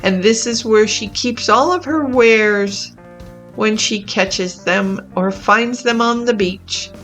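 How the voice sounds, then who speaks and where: Slow, gentle woman chatting over a cozy game. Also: mid-range voice, faint music behind. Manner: gentle, chatty and easily amused. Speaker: gaming channel host. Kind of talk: casual gameplay commentary.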